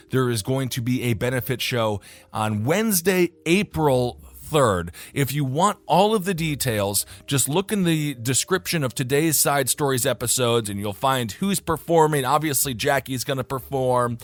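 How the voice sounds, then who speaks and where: Animated upbeat man, podcast co-host. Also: mid-range voice. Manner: upbeat and animated, laughs often. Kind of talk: casual podcast chat.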